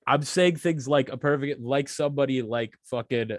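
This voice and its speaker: A man co-hosting a podcast, ranting about movies in a profane, animated way and acting out quotes. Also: medium pitch, normal speed, dry recording, studio quality. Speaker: podcast co-host. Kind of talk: casual podcast rant.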